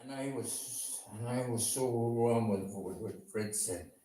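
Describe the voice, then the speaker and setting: A man giving a heartfelt church testimony, slowly telling a story and acting out the dialogue in it. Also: medium pitch, warm tone. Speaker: speaker sharing testimony. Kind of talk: sermon testimony. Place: church hall. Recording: echoey church room, distant mic.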